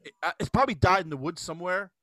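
A man's voice: high voice, expressive, racing, a bit bright, no echo. A man hosting a casual podcast chat, telling a rambling story with lots of restarts and fillers. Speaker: podcast host.

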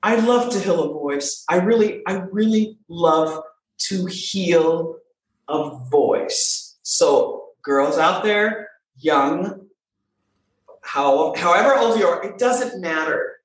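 Animated woman voice coach, echoey room. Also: on the low side, slow. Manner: animated, playful, emphatic repetition. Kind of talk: casual interview talk.

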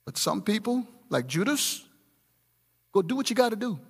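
A middle-aged man preaching a sermon as pastor, swinging from low murmurs to shouted emphasis. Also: very animated, normal speed, creaky, husky. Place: church. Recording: long reverb of a large church hall.

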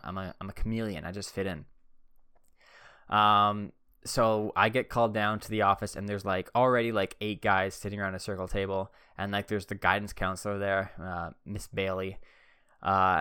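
A man's voice: low-pitched, bright, forceful tone, clear, resonant tone, no echo, studio quality. A man in his thirties telling stories in a casual, rambling, laid-back way, with many fillers. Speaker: vlogger. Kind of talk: casual storytelling.

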